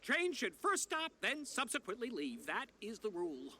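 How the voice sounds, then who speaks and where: Snide haughty old rector. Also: male voice, very high-pitched, huge pitch swings, moderate pace, sharp tone, full character voice. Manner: haughty, sardonic. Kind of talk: video game dialogue.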